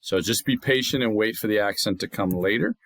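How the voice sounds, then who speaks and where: A man recording a lecture as an anatomy instructor, in a patient, explanatory manner, saying words slowly to show the pronunciation. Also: fairly low pitch, fairly bright tone, no room sound.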